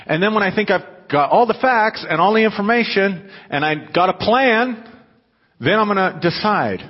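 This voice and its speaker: A man's voice: high-pitched, animated, normal speed. A man preaching a sermon to his congregation in a conversational manner, breaking into emphatic, raised bursts. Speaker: pastor. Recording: dull muffled audio with long hall reverb.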